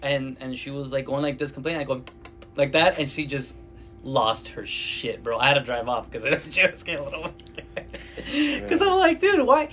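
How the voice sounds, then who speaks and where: Excitable, profane man. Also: medium pitch. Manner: excitable, profane, quick asides. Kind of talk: casual chat. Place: comic shop.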